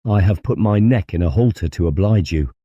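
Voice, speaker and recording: Man doing a hoarse, frightened young assistant. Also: low-pitched, expressive, a little fast, mellow, no echo, muffled recording, voice pushed up. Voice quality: hoarse, strained.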